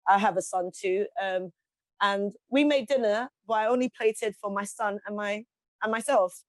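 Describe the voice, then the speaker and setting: A woman's voice: mid-range voice, moderate pace, dry recording. A woman, a guest in an interview, speaking passionately with emphatic rhetorical questions. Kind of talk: passionate conversational speech.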